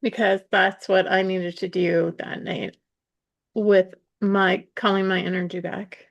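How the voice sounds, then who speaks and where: A woman's voice: medium pitch, level tone, measured pace, vocal fry, muffled recording. A woman guest giving brief agreeing replies in a casual talk.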